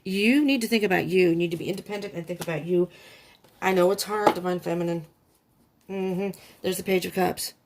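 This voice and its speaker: A woman's voice: fairly low pitch, fairly quick, slight background noise. A woman giving a casual tarot reading for her viewers, rambling and emotional, often talking to herself as she turns over cards. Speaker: tarot reader.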